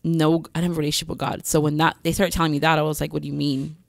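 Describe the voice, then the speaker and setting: A woman telling her life story as a podcast guest, speaking candidly and pausing often with "um.". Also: low voice, little pitch movement, vocal fry, dry recording, clean studio sound. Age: adult mother with several children. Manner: candid, frequent "um" pauses, acts out her past self. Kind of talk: personal testimony in a podcast interview.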